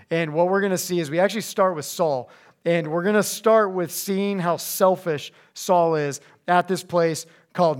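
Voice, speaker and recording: Lively young man preaching to teens. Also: sits high. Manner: animated, conversational, acts out voices when reading scripture. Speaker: youth pastor. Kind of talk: youth sermon.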